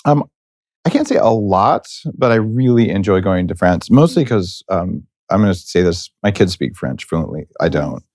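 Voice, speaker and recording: A middle-aged man hosts a casual interview in a lowish voice. He rambles with animated enthusiasm. The sound is close and dry. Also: normal speed, dry recording. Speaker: podcast host.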